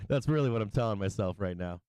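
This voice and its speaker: A middle-aged man with a low, smooth and resonant voice gives loose live commentary on trading charts. He laughs a lot and swears freely. The sound is dry and close to the mic. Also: dark tone, dry recording. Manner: laughing, sing-song chanting, swears freely. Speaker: stock market livestream host.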